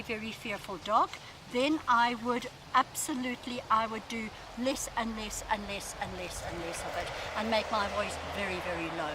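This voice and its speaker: A woman dog trainer explaining an exercise in a calm, instructive way. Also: fairly high pitch. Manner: calm, explanatory, with sudden sharp yelps. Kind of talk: instructional demonstration. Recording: background noise.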